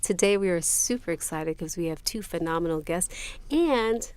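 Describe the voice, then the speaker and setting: A woman's voice: lowish voice, moderate pace, a little mellow, smooth. A woman co-hosting a podcast, introducing guests in a bubbly, enthusiastic way. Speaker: podcast co-host. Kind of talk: casual chat.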